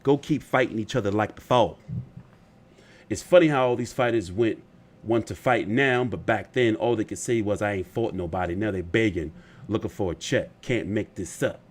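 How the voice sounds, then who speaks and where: A man's voice: fairly low pitch, moderate pace. A man hosting casual boxing commentary, rambling and opinionated, often profane.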